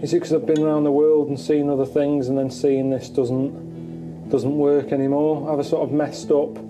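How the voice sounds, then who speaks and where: A man moaning in a deadpan, glum way about his travels, talking to camera and to his friends. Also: mid-range voice. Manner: glum, grumbling, deadpan complaints. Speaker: travelling presenter. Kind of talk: documentary monologue and chat. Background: music.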